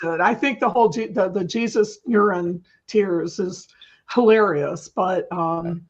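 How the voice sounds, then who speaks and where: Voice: mid-range voice, measured pace, lo-fi sound. A panelist chatting in a rambling, self-deprecating way. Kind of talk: casual panel chat.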